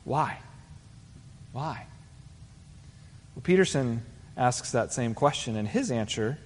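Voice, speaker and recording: A pastor giving a sermon in a church sanctuary, speaking in an earnest, conversational way and asking the congregation questions. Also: male voice, mid-range voice. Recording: live hall reverb, faint room noise.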